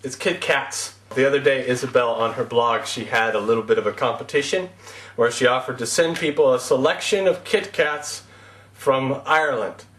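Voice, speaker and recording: A man's voice: medium pitch, normal speed, a bit bright, roomy sound. A man talking casually to camera in a rambling, self-mocking comic monologue. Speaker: vlogger.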